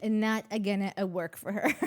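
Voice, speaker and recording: A woman's voice: mid-range voice, normal speed. A woman co-hosting a podcast, chatting playfully and teasing, often giggling. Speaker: podcast co-host. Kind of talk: casual recap chat.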